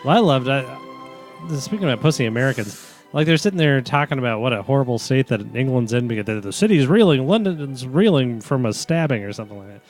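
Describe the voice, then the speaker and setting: Excitable podcast co-host with a very lively voice who mimics people mid-story; faint music underneath. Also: male voice, medium pitch, fast talker. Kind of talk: crude casual banter.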